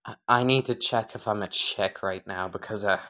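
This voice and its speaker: A woman's voice: very deep voice, moderate pace, pushed and bright, voice pushed down. A woman voicing a crude, sarcastic teenage boy hero who stammers a little, in a comedic fan story. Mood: deadpan.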